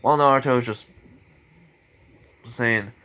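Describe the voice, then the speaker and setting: A man's voice: medium pitch, fairly even intonation, slow pace, sharp tone. A man improvising a spoken fan story in a rambling, casual way, full of restarts and chuckles.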